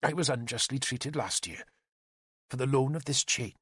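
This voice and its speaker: A man voicing a self-pitying bishop who wails, pleads and snaps in a high, strained voice. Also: normal speed, a bit bright, husky, no room sound, clean studio sound. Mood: hushed demanding. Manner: wailing, melodramatic, pleading. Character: shrill, hysterical, self-pitying old bishop.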